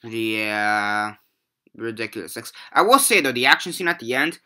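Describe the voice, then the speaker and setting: Young male movie reviewer, very bright edgy voice, rambling and profane, casual rant. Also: medium pitch, lively intonation, moderate pace.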